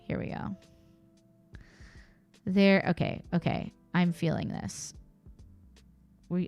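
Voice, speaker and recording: A woman streams in an unhurried, chatty way, musing aloud and tossing in playful asides. A faint wash of music sits behind her. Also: mid-range voice. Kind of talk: casual live-stream commentary.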